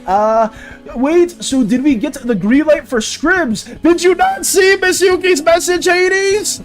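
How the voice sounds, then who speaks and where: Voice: very high-pitched, slow pace, soft background music. An art streamer in casual live-stream chat, reading viewers' messages aloud and answering them.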